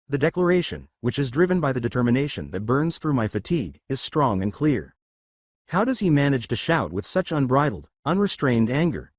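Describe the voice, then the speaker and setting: A man's voice: mid-range voice, sing-song, a little fast, dry recording, clean studio sound. A man reading first-person fan fiction aloud in a dramatic storytelling manner. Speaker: narrator.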